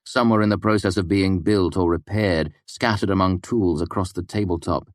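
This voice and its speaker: A man narrating a fantasy audiobook with expressive storytelling. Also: low voice, normal speed, dry recording, studio quality.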